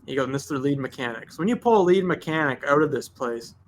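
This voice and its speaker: A slightly high-voiced man talks fast while recounting a long story on a podcast. He owns a detailing shop and animatedly acts out both speakers in the exchanges, over a light hiss or hum.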